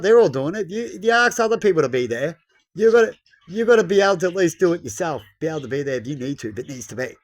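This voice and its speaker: Blunt man, slightly high voice. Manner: rhetorical questions to a listener, frequent tag questions; blunt, preachy, with mild swearing. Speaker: vlogger. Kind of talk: casual rambling monologue.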